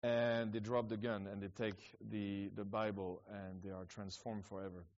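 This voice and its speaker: A man's voice: on the low side, little pitch movement, moderate pace, a little mellow. Guy, middle aged, rambling story chat, lots of restarts, kinda muffled lo-fi sound. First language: French. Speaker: evangelist guest. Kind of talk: casual storytelling talk.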